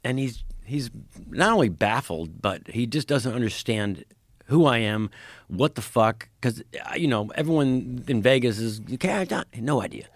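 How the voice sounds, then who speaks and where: A male comedian guest in a casual podcast chat, telling stories excitably with lots of swearing and restarts. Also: medium pitch, normal speed, no room sound. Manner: excitable, profane storytelling with many restarts.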